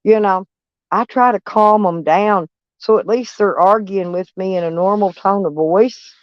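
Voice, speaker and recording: A woman's voice: medium pitch, measured pace, no echo. Blunt drawling woman. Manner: blunt, drawling, repeats herself. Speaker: van life vlogger. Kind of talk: casual live-stream chat. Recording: dull lo-fi sound.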